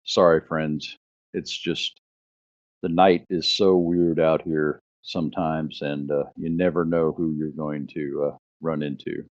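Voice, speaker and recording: A man's voice: very deep voice, little pitch movement, unhurried. A man voicing a formal, courteous armored knight who gives orders to his people. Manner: polite, formal speech. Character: armored adult male cyber knight, courteous and commanding. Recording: muffled lo-fi audio.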